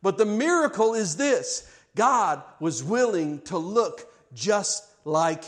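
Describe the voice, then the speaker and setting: Man, middle-aged, pastor, church sermon, animated, emphatic, higher-pitched. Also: takes it slowly. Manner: animated, emphatic, playful, swings from soft to loud.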